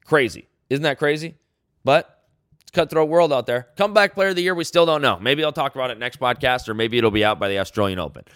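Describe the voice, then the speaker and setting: A man's voice: mid-range voice, quick pace, fairly bright tone, no room sound, studio quality. A man hosting a solo sports podcast, talking in a loose conversational way with frequent restarts. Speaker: podcast host.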